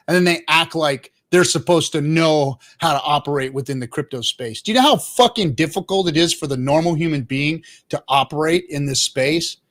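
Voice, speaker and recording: Brief: profane male stream host, fairly high voice, heated rant then loose chat shout-outs. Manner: angry, profane ranting with swearing and restarts; loose, casual greetings to chat. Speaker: livestream host.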